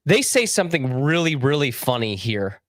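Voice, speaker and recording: A man's voice: medium pitch, very animated, moderate pace, a bit bright, no room sound, clean studio sound. A man in casual podcast chat, talking enthusiastically and hesitantly, with lots of fillers.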